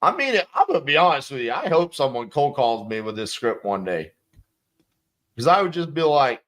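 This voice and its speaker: Sing-song and fairly bright, this medium-pitched male voice moves at normal speed. The sales coach dissects a calling script in blunt, emphatic commentary, swearing a bit and performing both ends of each phone call.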